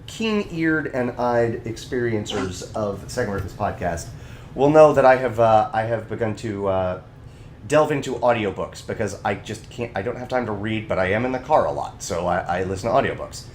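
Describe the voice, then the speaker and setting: Male co-host, animated casual chatter, very expressive delivery, slight noise floor. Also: lowish voice, moderate pace. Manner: animated, ranting. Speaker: podcast co-host. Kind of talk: casual chat.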